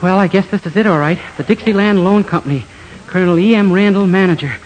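A man's voice: high-pitched, fast talker, soft background music, lightly acted, rough recording. A man playing a naive, bumbling young man in a 1940s radio comedy, cheerful and scatterbrained. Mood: sheepish. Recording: hissy old radio broadcast.

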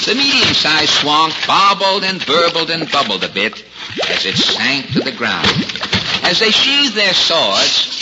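A man narrating a storybook in a lively, playful way. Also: a little high. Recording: dull, hissy old recording.

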